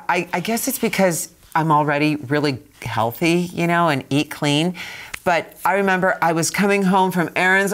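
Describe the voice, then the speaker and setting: A woman in her fifties with a slightly low voice tells stories as an interview guest. She speaks in a casual, animated way and retells events dramatically, stammering and repeating words as she goes. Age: 50s.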